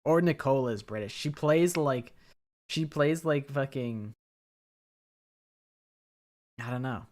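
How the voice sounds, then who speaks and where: A man's voice: mid-range voice, normal speed, a little mellow. A man streaming a game, reading the dialogue aloud and chatting casually, swearing now and then.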